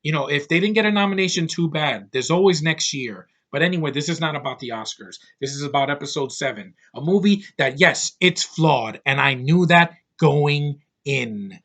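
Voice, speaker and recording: A man's voice: a little high, lively intonation, moderate pace, few pauses, a bit bright. A man in his thirties giving a casual, ranting film review, blunt and profane, rambling with lots of fillers. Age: 30s. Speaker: movie reviewer.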